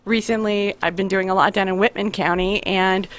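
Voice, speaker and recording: A woman's voice: medium pitch, steady tone, normal speed, slight background noise. A woman author talking as a guest on a radio show, candid and a little self-deprecating, wandering from topic to topic. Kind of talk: casual radio interview.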